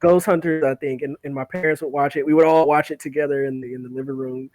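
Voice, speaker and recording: A man talks casually on a podcast, his voice sitting a little higher than most. He rambles, repeats words as he goes and breaks into laughs. The sound is dry, close and free of room echo. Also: fairly even intonation, quick pace, darkish tone. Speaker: podcast host. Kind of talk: casual chat.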